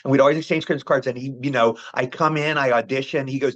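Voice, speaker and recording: An actor appearing as a guest in a casual interview tells rambling anecdotes, peppered with "you know." His voice is a little high and a bit bright, he talks fast, and the call audio is muffled and lo-fi.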